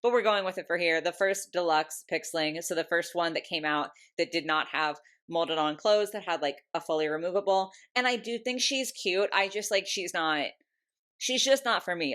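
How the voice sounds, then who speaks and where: A young woman vlogging about her doll collection in an excited, chatty way, full of fillers and little laughs. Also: fairly low pitch. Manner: gushing, chatty, lots of "like" and laughs. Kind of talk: casual ranking vlog.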